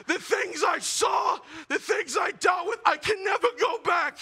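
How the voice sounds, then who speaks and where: A haunted pair of sweatpants cries out like a shell-shocked war veteran, as a comedian acts it out. The voice jumps well above the man's normal register and is shouted in raw anguish. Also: very high voice, unhurried, gravelly, pitched above the performer's own voice, full character voice.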